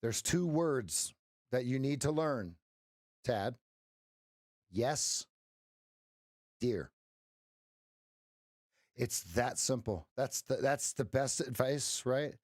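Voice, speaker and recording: Middle-aged man, trading stream host, jokey and chatty with viewers, mid pitch, dry close sound. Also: slow pace, darkish tone, no room sound. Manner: joking, talks straight to chat, folksy pep talk. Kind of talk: casual livestream chat with viewers.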